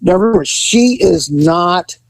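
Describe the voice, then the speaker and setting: A middle-aged man telling a story in casual chat, acting out voices with big jumps in pitch. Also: animated, measured pace, creaky, no echo, low-quality recording.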